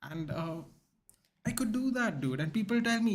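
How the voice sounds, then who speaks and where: A man chats through a live football watchalong, his voice sitting slightly higher than most men's. He rambles along with loose, opinionated talk and keeps calling people "dude". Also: lively intonation, normal speed. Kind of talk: casual livestream chat.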